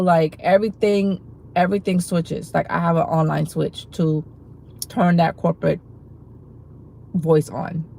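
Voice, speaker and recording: Low, gravelly-voiced woman chatting casually. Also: darkish tone, rough recording. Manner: rambling, filler-heavy talk with many restarts. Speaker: livestream host. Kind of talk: casual livestream chat to viewers.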